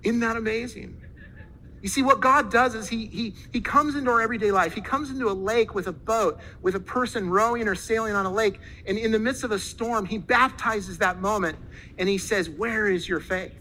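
Bright, high-voiced male pastor preaching. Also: a little fast, slight background noise, rough recording. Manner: animated, acts out quoted voices. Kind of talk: sermon storytelling.

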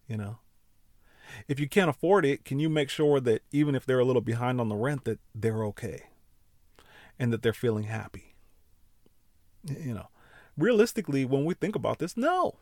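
A man's voice: mid-range voice, gravelly, darkish tone, dry recording, clean studio sound. A man hosting a podcast, telling a personal story in a reflective, conversational way, with frequent fillers and laughing at himself. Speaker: podcast host.

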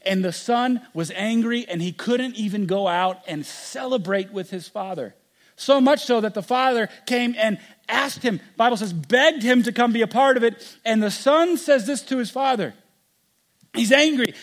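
A man preaching a sermon with passion, acting out the voices in the story and at times dropping to a hushed tone. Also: high voice, expressive, normal speed. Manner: impassioned, acts out the story's voices; drops to a hushed, quiet delivery. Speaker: pastor.

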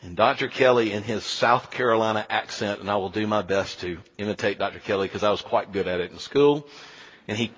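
A male pastor preaching a sermon in an animated, conversational way with frequent asides. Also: fairly low pitch, brisk, big-room sound, muffled recording.

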